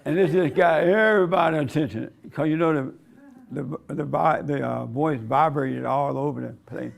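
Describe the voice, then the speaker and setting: A man's voice: on the high side, normal speed, vocal fry. A man preaching an informal sermon, blunt and conversational, with a folksy way of telling stories. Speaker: preacher and host.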